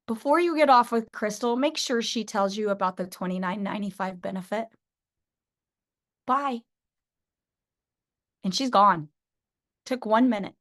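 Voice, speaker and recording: Brief: middle-aged woman, sales trainer, lively storyteller, slightly high voice. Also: a little slow, long pauses. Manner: animated storytelling, acting out phone calls. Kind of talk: energetic training talk.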